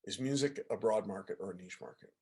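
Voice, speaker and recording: A man with a lowish voice and darkish tone speaks at a quick pace while giving a casual music lecture on a video call. As the professor, he's conversational and regularly checks in with listeners by asking "right?" and "okay?".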